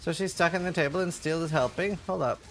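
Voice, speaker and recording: Speaking quickly with a fairly high pitch and a little hiss or hum in the audio, this gamer chats casually with his live viewers. He jokes around while reading and replying to their chat out loud.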